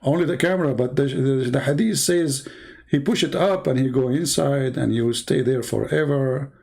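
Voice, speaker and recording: A man's voice: medium pitch, normal speed, creaky, a little mellow, husky, poor audio. A man hosting a comedy skit who asks hesitant, mock-innocent questions and trails off with fillers. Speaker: host.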